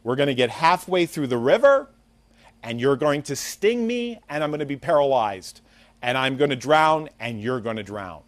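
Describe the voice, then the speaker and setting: A man voicing a wary, nervous male frog in a spoken fable, pitching his voice up and pleading. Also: lively intonation, moderate pace, no room sound, natural voice. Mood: alarmed. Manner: pleading, alarmed.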